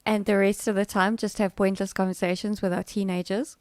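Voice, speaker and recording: A woman's voice: mid-range voice, level tone, a little fast, darkish tone, no room sound, studio quality. A middle-aged woman, hosting a casual livestream chat, rambling and laughing with fillers. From South Africa. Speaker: livestream host.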